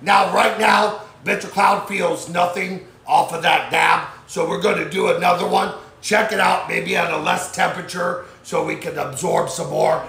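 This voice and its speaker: A man's voice: high-pitched, fairly even intonation, moderate pace, gravelly, hardly any pauses, pushed and bright. A man casually vlogging inside a smoke shop, laid-back and swearing as he hypes the place. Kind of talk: casual vlog commentary. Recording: echoey shop room, faint background noise.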